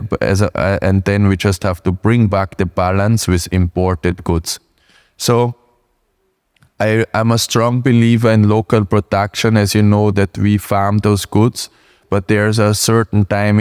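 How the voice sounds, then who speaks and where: A middle-aged man with an Austrian accent speaks in a low, even voice with little rise and fall. His tone is clear and smooth. He talks in short phrases, often checking in with "right?". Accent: Austrian German. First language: German. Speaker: invited speaker, farmer. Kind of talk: answering audience questions on stage.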